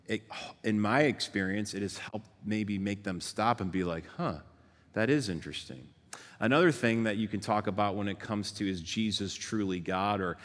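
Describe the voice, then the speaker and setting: Emphatic male preacher with a reverb tail. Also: lowish voice. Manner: emphatic, swings loud on key words and drops soft at phrase ends. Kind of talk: sermon-style teaching.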